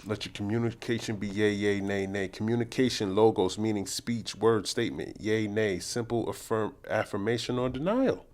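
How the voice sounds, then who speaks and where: A man hosting a livestream who mixes Bible teaching with reactions to news clips. He talks in a preachy way, repeats himself and turns loud and indignant. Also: on the low side, moderate pace, hardly any pauses. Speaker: livestream host.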